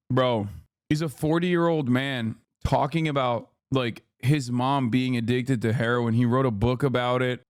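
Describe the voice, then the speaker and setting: A man's voice: a little high, dry recording, studio quality. A man in his thirties streaming casual commentary on a news clip, sarcastic and mocking. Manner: sarcastic, mocking, acts out mock voices.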